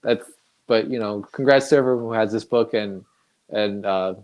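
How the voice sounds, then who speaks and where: A man co-hosting a casual livestream chat about comics, relaxed and a little hesitant. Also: lowish voice, normal speed, muffled recording.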